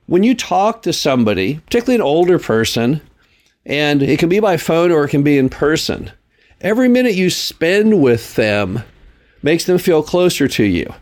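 A man's voice: fairly high pitch, a little mellow. A man hosting a solo podcast, explaining his points in an earnest, patient way and often repeating words for emphasis. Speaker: podcast host.

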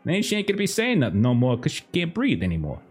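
A man's voice: fairly high pitch, wildly swooping pitch, fast, breathy edge, pitched above the performer's own voice, exaggerated voice. A man voicing a blunt, menacing male mobster boss who talks crudely and bullies the people around him. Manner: brash, crude, bullying.

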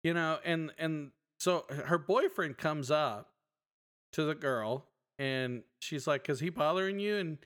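A man co-hosting a podcast in casual chat, retelling stories with lively acted-out voices. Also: fairly high pitch, takes it slowly. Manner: animated storyteller acting out voices. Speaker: podcast co-host.

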